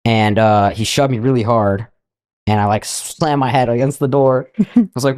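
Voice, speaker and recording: A man's voice: mid-range voice, normal speed, a little mellow, no room sound. A young man co-hosting a podcast, spinning a casual story in a loose, profane way and quoting what people said. His voice sits in a middle register and comes across dry and close, with no room around it. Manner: loose and profane, retelling with quoted asides. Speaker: podcast co-host.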